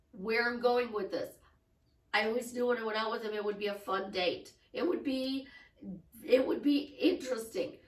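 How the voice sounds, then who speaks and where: A woman's voice: fairly high pitch, echoey room, recorded from a distance, rough recording. A woman life coach talking casually, telling stories and acting out the quoted dialogue. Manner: animated storytelling, acts out quoted dialogue.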